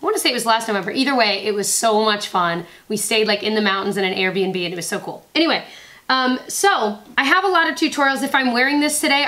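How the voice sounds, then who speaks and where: A woman's voice: medium pitch, pushed and bright. A woman in her twenties chatting in a beauty vlog, bubbly and rambling, often interrupting herself with asides. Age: 20s. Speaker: beauty vlogger. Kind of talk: chatty makeup review vlog.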